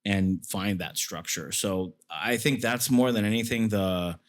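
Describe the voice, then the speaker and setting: A man's voice: on the low side, a little slow. A man talking as an interview guest, a military veteran telling stories in a rambling way with many fillers and restarts. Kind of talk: casual storytelling.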